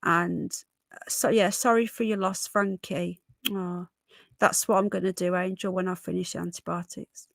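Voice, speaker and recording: A hoarse woman in her early forties talks casually to her livestream viewers, her voice gravelly and full of fry. She sounds dry and close, with no room around her, and keeps calling people love and darling. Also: lowish voice, steady tone, normal speed, dry recording. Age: 40s. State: hoarse from illness. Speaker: livestream host. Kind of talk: casual live chat.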